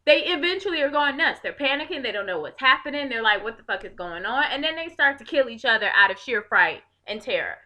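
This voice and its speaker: A woman's voice: sits high, animated, fast, hardly any pauses, bright, forceful tone. A young woman from Chicago giving an impassioned, blunt political rant to the camera and swearing freely. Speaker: video blogger.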